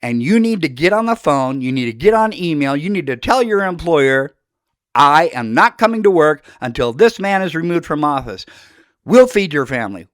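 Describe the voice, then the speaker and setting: A man's voice: a little high, big pitch swings, moderate pace, dry recording, studio quality. An older man delivering an impassioned, accusatory political monologue as a podcast host, with fiery outbursts. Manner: fiery, accusatory, shouting into speeches.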